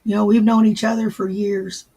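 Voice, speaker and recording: Man, livestream host, high husky voice, gentle, repeats himself. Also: flat delivery, moderate pace. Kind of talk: casual livestream chat.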